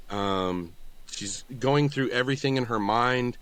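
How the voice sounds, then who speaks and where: A man narrating a tabletop game as game master, in a slow, halting storytelling manner. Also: mid-range voice, fairly bright tone, clean tone, no echo.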